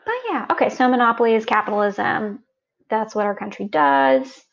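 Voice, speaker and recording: A woman co-hosting a podcast, chatting casually and explaining things with quick asides. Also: mid-range voice, lively intonation. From United States. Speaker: podcast co-host; student. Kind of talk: casual chat. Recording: dull lo-fi sound.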